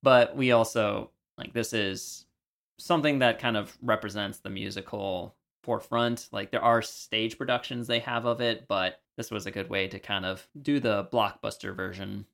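A man with a gravelly edge co-hosts a podcast, chatting casually about a film. He jokes a lot and breaks into laughter easily. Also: on the low side, fairly even intonation, moderate pace, a bit bright. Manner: jokey, laughs often. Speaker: podcast co-host. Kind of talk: casual chat.

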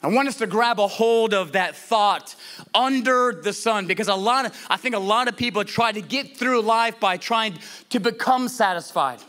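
A man preaching a sermon in a high, bright voice. He is earnest and doubles back on his words to press a point home, often repeating the start of a phrase. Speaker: pastor.

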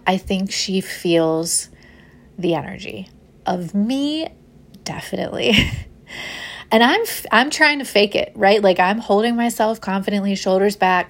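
A young woman, hosting a podcast and telling a personal story casually, often laughing and swearing. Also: mid-range voice. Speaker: podcast host.

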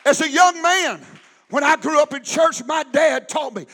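A middle-aged pastor preaches with a very high, bright, forceful voice. He swings between loud shouting and quiet storytelling. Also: moderate pace, big-room sound, a faint crowd. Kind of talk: sermon.

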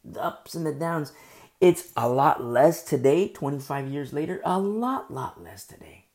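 Gravelly, animated woman Bible teacher. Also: deep voice, unhurried. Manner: informal, repeats phrases, stammers when excited. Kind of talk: conversational Bible study sermon.

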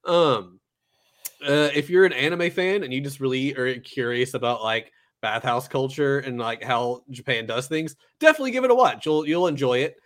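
Young guy chatting about a show, easygoing, lots of ums, mid pitch. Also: normal speed. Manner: relaxed, rambling, filler-heavy. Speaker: anime podcast co-host. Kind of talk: casual review chat.

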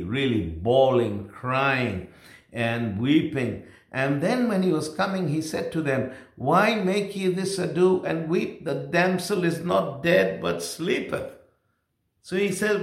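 Male preacher, mid-pitched voice, emphatic and repetitive, rising and dropping sharply, in a roomy echo. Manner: emphatic, repeats phrases, swings between loud exclamations and quiet asides. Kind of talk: sermon.

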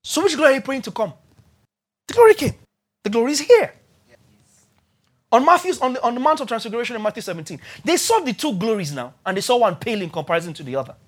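A man preaching a sermon, repeating key words for emphasis and spelling out terms slowly. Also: very high-pitched, big pitch swings, a bit bright, husky.

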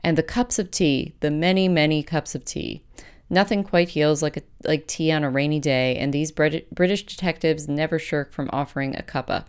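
A woman podcast host reading her own essay aloud and then chatting about it, with a measured, gentle delivery. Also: low voice, fairly even intonation, clear, resonant tone.

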